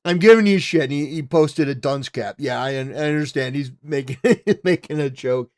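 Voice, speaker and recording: A man's voice: medium pitch, fairly even intonation, normal speed, darkish tone. A man hosting a live stream, talking casually and ranting, with lots of "you know" fillers and swearing. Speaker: streamer host.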